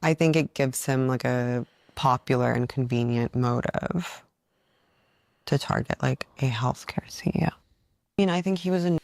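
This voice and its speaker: A man's voice: medium pitch, moderate pace, gravelly, no echo. A man chatting casually in a played clip, offhand and gossiping.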